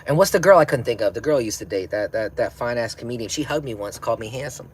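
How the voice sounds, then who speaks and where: A man's voice: medium pitch, animated, fast, slight background noise. A man hosting a livestream while stoned, rambling in a slangy way and laughing often as he chats and reads comments. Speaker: livestream host. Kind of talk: casual livestream chat, reading comments.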